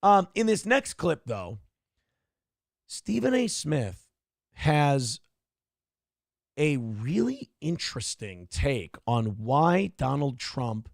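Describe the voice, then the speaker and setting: Male stream host, gravelly, swears freely, dry close sound. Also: mid-range voice, sing-song, slow, pauses often, no echo. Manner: blunt, profane, reads chat aloud. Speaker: show host. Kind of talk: casual live-stream commentary.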